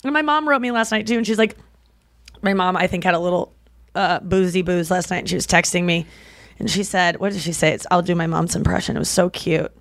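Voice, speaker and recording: A woman's voice: on the low side, fairly quick, dry recording, clean studio sound. A woman co-hosting a podcast, chatting casually and telling stories, acting out the people she quotes. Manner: chatty storyteller who acts out quoted people. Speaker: podcast co-host. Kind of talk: casual chat.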